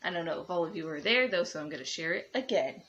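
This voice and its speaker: A woman preschool teacher reading storybooks aloud to young children gently, with small slips, on a dull lo-fi recording. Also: lowish voice, animated, quick pace, a little hiss or hum.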